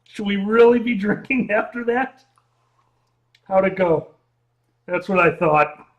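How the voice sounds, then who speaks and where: A man's voice: sits high, unhurried, lo-fi sound. A man co-hosting a casual livestream, cracking sarcastic jokes and teasing comebacks. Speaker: co-host.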